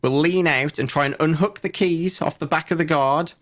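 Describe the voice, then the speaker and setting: A man playing a tabletop game, talking in a hesitant, halting way as he plans his moves. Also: fairly high pitch, fairly bright tone. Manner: hesitant, halting, with fillers and restarts. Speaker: player. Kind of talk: casual tabletop game play.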